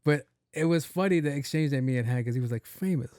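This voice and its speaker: A man's voice: mid-range voice, quick pace, darkish tone, clear, resonant tone, no room sound, studio quality. A young man hosting a podcast, telling a rambling, profane story and acting out both sides of the conversation. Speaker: podcast host. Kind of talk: casual storytelling monologue.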